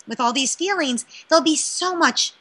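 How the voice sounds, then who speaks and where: Bright, animated woman giving parenting advice. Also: high-pitched, moderate pace. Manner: animated, keeps asking "right?". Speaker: parenting expert guest. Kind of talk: interview answer, advice.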